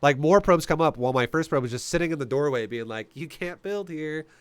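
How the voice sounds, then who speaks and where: A man's voice: mid-range voice, fast talker, smooth, no echo. A man giving casual, profane gameplay commentary, blunt and joking as he explains strategy. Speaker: game commentator.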